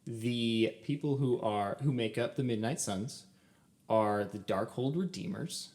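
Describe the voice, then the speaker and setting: A man's voice: mid-range voice, unhurried, a little mellow. A young man co-hosting a casual podcast about a film. He talks eagerly with many "um"s and laughs often. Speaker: podcast co-host.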